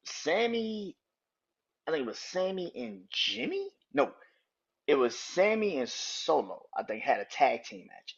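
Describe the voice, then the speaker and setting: Animated podcast host, husky man. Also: medium pitch, dull audio. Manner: animated, profane, talks in quick rambling restarts. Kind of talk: casual wrestling review podcast.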